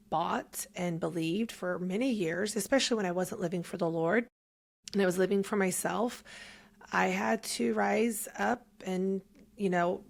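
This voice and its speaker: Earnest woman with a gravelly low voice. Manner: earnest, emotional, near tears at times. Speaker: guest. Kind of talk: heartfelt faith testimony.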